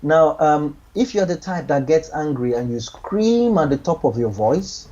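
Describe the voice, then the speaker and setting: A man talking through relationship advice in an earnest, meandering way, doubling back over his own words. His voice is husky and mellow, and the recording sounds dull and lo-fi. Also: fairly high pitch, lively intonation, measured pace. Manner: earnest, repeats words, many restarts and "you know". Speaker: guest giving relationship advice. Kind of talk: casual advice chat.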